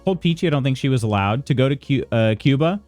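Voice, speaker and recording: A casual American man hosting a live stream, talking to his viewers in a loose, rambling way. His pitch leaps around with a lot of life, and faint music plays underneath. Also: animated, fast talker, a little mellow, no room sound. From United States. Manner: chatty, greets viewers by name, reads chat aloud.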